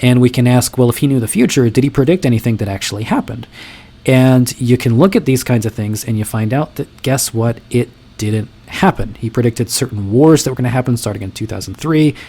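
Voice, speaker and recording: A man's voice: mid-range voice, fairly quick, warm tone, breathy edge. A man hosting his own video, giving casual skeptical commentary in a conversational way with frequent fillers and self-corrections. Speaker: video host.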